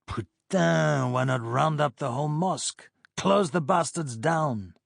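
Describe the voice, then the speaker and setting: A man's voice: a little high, unhurried, creaky, no echo, clean studio sound, voice pushed up, exaggerated voice. A man doing a frustrated, blunt café owner. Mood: angry. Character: frustrated young café owner, quick to anger.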